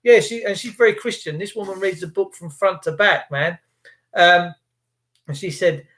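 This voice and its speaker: A man's voice: a little high, moderate pace, fairly bright tone. A middle-aged man, telling stories in a casual rant and putting on voices for the people he quotes. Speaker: vlogger.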